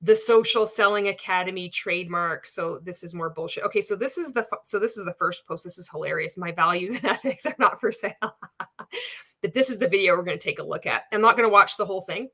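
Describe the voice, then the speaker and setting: Female livestream host, bright and forceful tone, candid, profane commentary. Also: fairly low pitch, fast talker. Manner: blunt, swears freely, reads out chat comments; candid and animated, laughs often.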